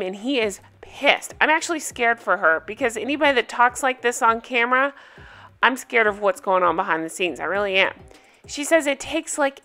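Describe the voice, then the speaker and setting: Woman host, bright higher voice, blunt and emphatic, swears a lot, faint music behind. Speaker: reality TV recap host. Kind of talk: casual video recap commentary.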